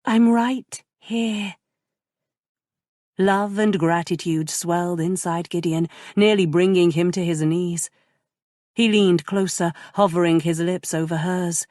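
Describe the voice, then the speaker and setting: A woman narrating a romance audiobook in a measured, gentle way. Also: lowish voice, steady tone, no room sound, studio quality.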